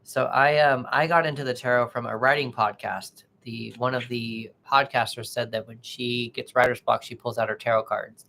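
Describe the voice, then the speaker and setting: Male tarot reader hosting a live stream, casual and chatty with his viewers, often pausing mid-sentence. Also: mid-range voice, fairly even intonation, vocal fry, bright, forceful tone. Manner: chatty, halting, greets viewers by name. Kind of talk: casual livestream chat with viewers.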